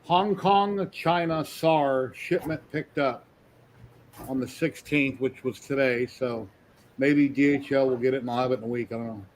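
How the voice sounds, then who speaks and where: A man's voice: mid-range voice, normal speed, a little hiss or hum. A man chatting casually on a stream, telling shipping stories in a plain matter-of-fact way. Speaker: stream guest. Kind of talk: casual chat.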